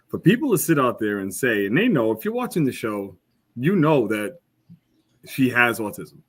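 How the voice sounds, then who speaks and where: A man's voice: medium pitch, big pitch swings, moderate pace, husky. A man co-hosting a podcast, ranting with passion, blunt and profane. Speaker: podcast co-host. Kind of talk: casual podcast discussion.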